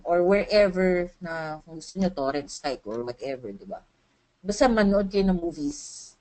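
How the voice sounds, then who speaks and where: Chatty Filipino woman, lowish voice. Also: low-quality recording. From Philippines. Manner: chatty, laughs often, full of fillers. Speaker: webinar speaker, freelance transcriber. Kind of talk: casual talk mixing Tagalog and English.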